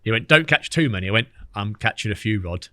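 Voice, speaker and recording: A man, a podcast guest telling lively stories in casual chat, acting out what others said. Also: fairly low pitch, dry recording, clean studio sound. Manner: fast, animated storytelling with quoted dialogue.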